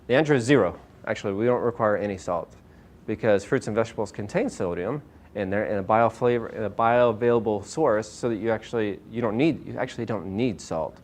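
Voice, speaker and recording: Hyper guy giving a health talk to a room, keeps asking the crowd stuff. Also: mid-range voice. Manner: energetic, asks the audience questions, self-described hyper. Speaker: chiropractor giving a nutrition talk. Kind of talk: casual health lecture to a live audience. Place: small meeting room with an audience.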